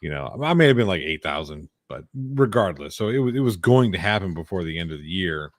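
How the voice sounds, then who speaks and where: A middle-aged man with a very deep, low voice, recorded dry and close. He chats in a laid-back, easygoing way as a stream co-host and swears casually. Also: lively intonation, a little fast, no echo. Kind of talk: casual chat.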